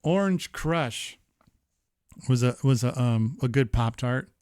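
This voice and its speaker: A man in his thirties hosting a live-streamed show, chatting casually in an animated, profane, rambling way. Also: medium pitch, slow, clear, resonant tone, no room sound, clean studio sound. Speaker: livestream show host.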